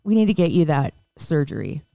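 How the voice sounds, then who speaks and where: A middle-aged woman co-hosting a podcast, chatting casually, getting excited and laughing often. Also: deep voice, a little fast, vocal fry, no room sound. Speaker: podcast co-host. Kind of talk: casual chat.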